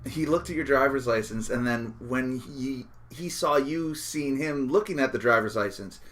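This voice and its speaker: A man co-hosting a casual podcast, joking around, laughing often and tossing off quick asides. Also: medium pitch, fairly bright tone. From Canada. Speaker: podcast co-host. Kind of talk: casual banter.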